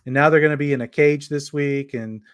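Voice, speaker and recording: A man's voice: a little high, steady tone, a little fast, smooth, no room sound, dull audio. A man co-hosting a casual wrestling podcast, rambling with many restarts and hesitations. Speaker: podcast co-host.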